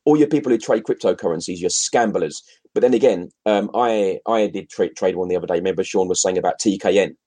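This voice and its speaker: A man's voice: sits low, fast talker, few pauses, mellow, slightly rough. A man co-hosting a casual livestream, reading viewer comments aloud and talking to the audience directly. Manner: chatty, addresses viewers directly, laughs often. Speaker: co-host reading chat comments.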